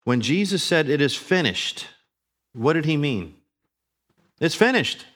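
A man in his fifties delivering a sermon from the pulpit. His preaching is emphatic, with loud declarations that drop into quieter, lower asides. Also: animated, unhurried. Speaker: pastor.

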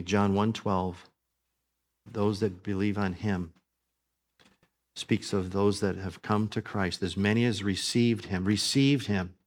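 Preaching man with a lowish voice. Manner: rising to emphatic preaching, then praying softly. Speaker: pastor. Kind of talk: sermon. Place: church building.

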